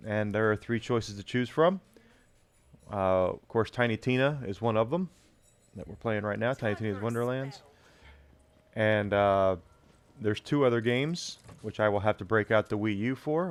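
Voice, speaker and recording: A man's voice: lowish voice, clean tone. A man streaming a video game, chatting casually and rambling to his viewers as he plays. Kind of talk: casual live-stream chat while playing.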